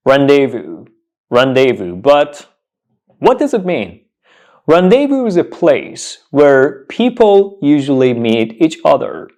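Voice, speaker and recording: Deliberate man teaching pronunciation. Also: a little high, darkish tone. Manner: repeats words slowly and emphatically, asks viewers questions. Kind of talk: slow, deliberate pronunciation lesson.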